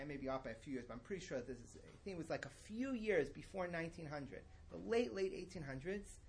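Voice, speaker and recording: A middle-aged religious teacher with a voice that sits high gives a lecture-style lesson, and slight background noise is audible. His delivery is conversational, emphatic, and prone to digressions.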